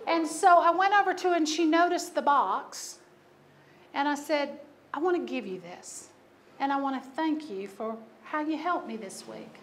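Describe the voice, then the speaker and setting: A woman's voice: high voice, normal speed, a bit bright, a little hiss or hum. A woman pastor preaching a sermon, telling a personal story with humor and emphatic repetition.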